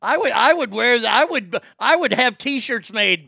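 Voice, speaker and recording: Gravelly, bright-voiced mocking podcast host. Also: male voice, very high voice, animated, measured pace, no room sound, studio quality. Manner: loud, mocking, laughs at his own jokes. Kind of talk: casual comedic commentary.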